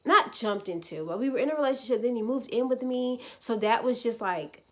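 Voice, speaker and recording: Her voice fairly high, bright and lively, moving a little fast, a woman in her twenties tells viewers her personal faith story. This vlogger keeps it chatty, scatters "like" throughout, and addresses everyone as "y'all."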